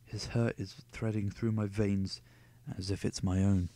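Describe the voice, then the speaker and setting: Man, lower voice, home reader of a novel, sardonic asides between passages. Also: level tone, unhurried, hardly any pauses, dark tone. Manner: sarcastic, cuts in with profane asides. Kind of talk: reading a novel aloud with jokey asides.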